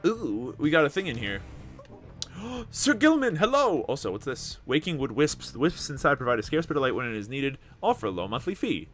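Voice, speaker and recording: A man hosting a gameplay video, reading the game's text aloud and commenting with excitement. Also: medium pitch, a little fast, few pauses, faint music behind. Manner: animated, reads dialogue aloud with excitement.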